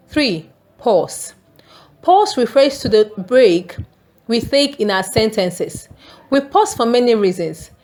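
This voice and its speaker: A woman teacher reads a scripted lesson in a somewhat high voice. She moves at an unhurried, measured pace. Each word is enunciated carefully and deliberately.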